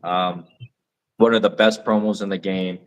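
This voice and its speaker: A man's voice: deep voice, fairly even intonation, normal speed. A young man co-hosting a podcast in casual chat, talking eagerly with lots of fillers. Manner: enthusiastic, rambling with fillers. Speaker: podcast co-host.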